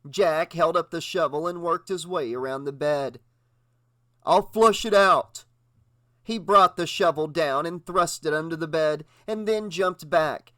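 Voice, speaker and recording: A man narrating an audiobook with a dramatic, expressive reading. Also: fairly high pitch, no room sound. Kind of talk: audiobook narration with character voices.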